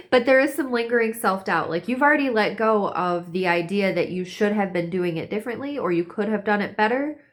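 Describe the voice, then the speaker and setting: Chatty woman giving a spiritual reading. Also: mid-range voice. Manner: chatty, lots of "like", acts out quoted voices. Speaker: tarot and astrology reader.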